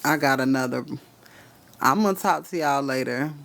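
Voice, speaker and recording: Gravelly, profane live-streaming man. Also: mid-range voice, moderate pace, fairly bright tone. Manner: profane, laughing, talks straight to the chat. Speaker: live-stream spiritual reader. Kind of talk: casual live-stream chat.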